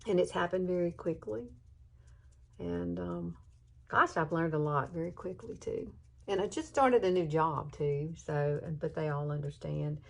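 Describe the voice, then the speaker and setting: A tired woman, chatting softly and at times haltingly through a makeup tutorial at home. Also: lowish voice, creaky. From southern United States. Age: 50s. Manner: soft-spoken, hesitant, emotional at times. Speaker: beauty vlogger. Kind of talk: casual makeup tutorial chat.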